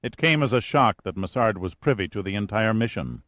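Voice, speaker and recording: A man reading a thriller audiobook in steady, measured scripted narration. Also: fairly low pitch, dry recording, highs cut off.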